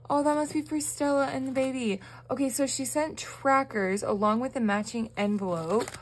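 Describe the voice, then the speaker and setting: A young woman, chatting to her viewers as she opens fan mail, gushing and excitable with frequent gasps. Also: high voice, normal speed, a little hiss or hum. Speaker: budgeting vlogger. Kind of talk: casual vlog chat to viewers.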